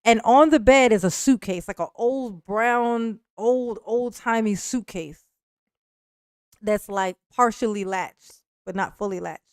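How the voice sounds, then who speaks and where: A woman hosting a livestream tells a long story to her chat, laughing often and restarting her sentences. Her voice is smooth and clear. It sounds close and dry, with no room echo. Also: on the high side, slow. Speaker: livestream host. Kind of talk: casual storytelling to a live chat.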